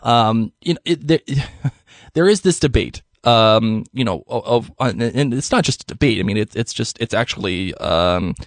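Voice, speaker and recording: A man's voice: medium pitch, lively intonation, normal speed, no room sound. A young man hosting a podcast, rambling casually with frequent laughter and restarts. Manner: giggly, rambling, many restarts. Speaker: podcast host.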